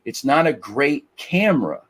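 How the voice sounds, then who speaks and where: A man in a casual podcast chat, ranting with many halting restarts. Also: on the high side, very animated, a bit bright. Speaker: podcast co-host.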